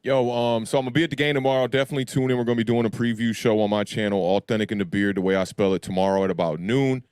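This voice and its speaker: A man's voice: lowish voice, fairly even intonation, very fast, darkish tone, clear, resonant tone, no echo, studio quality. A man from Maryland, a guest sports YouTuber on a video call, talking casually in laid-back slang.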